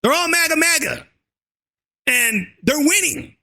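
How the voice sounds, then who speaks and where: A man vlogging a fiery, crude political rant, often shouting and tacking "and so forth" onto his lines. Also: very high-pitched, sing-song, unhurried, vocal fry. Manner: crude slang and cursing. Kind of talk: ranting political commentary.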